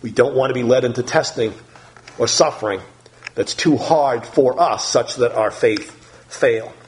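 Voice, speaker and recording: A male pastor preaching a sermon in an animated, emphatic manner, dropping low and soft for prayer. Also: measured pace.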